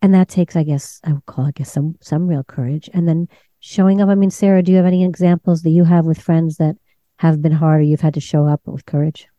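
Woman, podcast guest, mellow dark tone, dry lo-fi recording, reflective. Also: low-pitched, fairly even intonation, brisk, no room sound. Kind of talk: conversational podcast talk. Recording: dull lo-fi dry sound.

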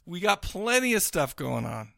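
A man's voice: sits high, very animated, normal speed, creaky, bright, forceful tone. A man co-hosting a podcast in casual banter, rambling bashfully with many restarts. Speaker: podcast co-host.

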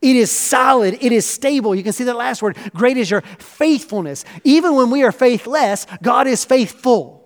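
A man's voice: extremely high pitch, normal speed, hardly any pauses, long reverb tail. A man preaching a sermon as a pastor. He speaks earnestly and passionately, building emphasis with repeated phrases.

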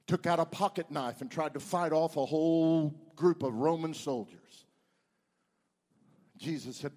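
A pastor with a high voice delivers a sermon, alternating between loud bursts and hushed passages, and he speaks unhurriedly with long pauses. A long church-sanctuary reverb fills the recording.

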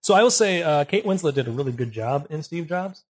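A young man co-hosting a podcast, easygoing and halting, often correcting himself mid-sentence. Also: a little high, lively intonation. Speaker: podcast co-host. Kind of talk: casual chat.

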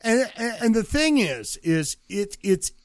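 A man's voice: high-pitched, sing-song, unhurried, dry recording, clean studio sound. A middle-aged man co-hosting a podcast, joking around in laid-back, teasing banter. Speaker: podcast co-host. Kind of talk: casual chat.

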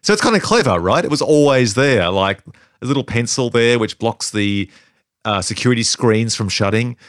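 This podcast co-host's medium-pitched voice has lively intonation and a moderate pace as he discusses a film casually and animatedly. He laughs a lot while thinking aloud, captured in a dry, studio-quality recording.

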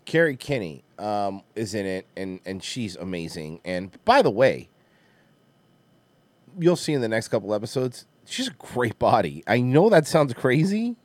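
A man's voice: fairly low pitch, sing-song, unhurried, dry recording. A man co-hosting a podcast in casual chat, rambling, swearing freely and laughing often. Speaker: podcast co-host.

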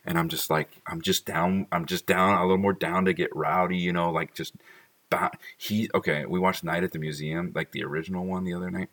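A man's voice: low-pitched, flat delivery, a little fast, fairly bright tone, far from the mic. A man talking fondly about his children in a casual, rambling monologue full of "like" and small laughs.

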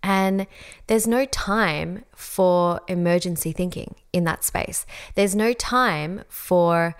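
An Australian woman in her thirties giving an earnest, conversational motivational talk about staying calm. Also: on the low side, slow, clean tone. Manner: earnest, conversational, acts out panicked voices. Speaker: speaker on calm and leadership.

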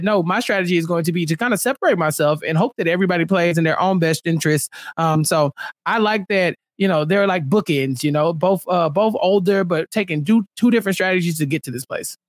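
A man's voice: high voice, brisk, no echo, studio quality. A man co-hosting a podcast, chatting casually and acting out quotes from a show in raised voices. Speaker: podcast co-host. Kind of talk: casual recap chat.

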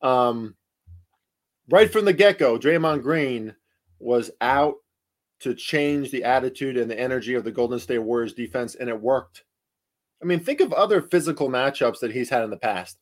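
A man's voice: medium pitch, lively intonation, moderate pace. Jersey guy running his betting podcast solo, fired up, lots of um and right?. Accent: New Jersey. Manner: emphatic, rhetorical, chatty with fillers. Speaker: sports betting podcast host. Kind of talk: solo podcast sports talk.

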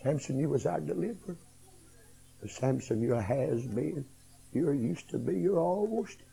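A let-down little boy speaks quietly and reproachfully to his old hero, as a husky, gravelly preacher voices him. The tone stays low and hushed. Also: lively intonation, moderate pace, full character voice, poor audio. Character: young boy, disappointed in a fallen hero.

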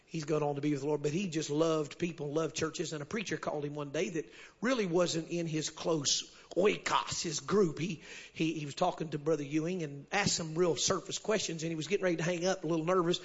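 A man preaching a sermon to a congregation, dropping frequent amens and rising to shouted refrains. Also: a little high, steady tone, fairly quick, slightly rough, lo-fi sound. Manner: builds to shouted call-and-response, sprinkles amen. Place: church service with congregation.

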